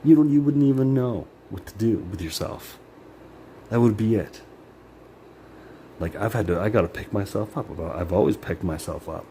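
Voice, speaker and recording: Deep-voiced man venting in a ramble. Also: normal speed, warm tone, a little hiss or hum. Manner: rambling, profane, many "like" fillers; emotional, bitter. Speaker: vlogger. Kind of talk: personal venting monologue.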